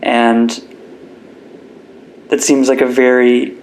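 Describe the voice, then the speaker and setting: Earnest gravelly man sharing his story. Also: mid-range voice, level tone, slow, darkish tone, poor audio. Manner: earnest and reflective, gets emotional. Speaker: guest. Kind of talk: candid personal interview.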